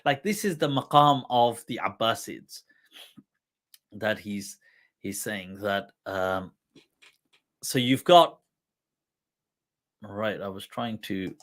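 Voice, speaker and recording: A male host telling a humorous historical anecdote in a relaxed, chatty way, often laughing as he goes. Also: on the low side. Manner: laughing while retelling a humorous anecdote, quoting poetry; slow, unhurried delivery. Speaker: host and religious teacher. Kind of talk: casual storytelling talk.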